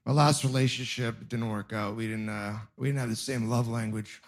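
A man's voice: mid-range voice, fairly even intonation, normal speed. A young man doing a stand-up comedy set, telling self-mocking stories in a loose, chatty way with frequent laughs. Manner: conversational, self-deprecating storytelling with laughs. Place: live comedy venue with audience.

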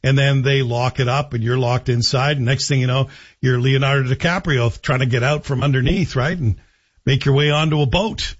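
Middle-aged male talk radio host, slightly husky voice, wry and sarcastic, on a dull lo-fi recording. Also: medium pitch, steady tone, normal speed. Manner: sarcastic, joking asides. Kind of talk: radio monologue.

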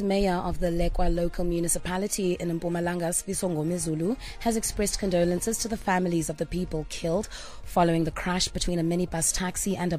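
Low-voiced woman newsreader. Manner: animated storyteller in banter, measured in news. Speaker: radio co-host and newsreader. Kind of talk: radio banter and news reading.

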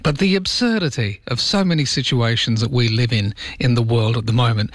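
A man with an Australian accent hosting a talkback radio show, chatty and relaxed. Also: medium pitch, no echo, studio quality. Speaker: radio talk show host. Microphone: studio microphone.

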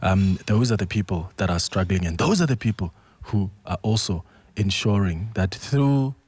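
Low-voiced radio host. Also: male voice, expressive, darkish tone, breathy edge, no room sound. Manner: measured, conversational. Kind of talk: talk radio hosting. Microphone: studio mic.

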